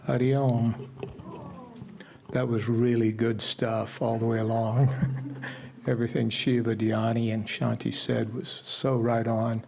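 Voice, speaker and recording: An older man sharing a personal remembrance at a memorial service, telling stories in an unhurried way with asides. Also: mid-range voice, little pitch movement, vocal fry, a little mellow, a little hiss or hum. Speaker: memorial speaker. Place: ashram gathering hall.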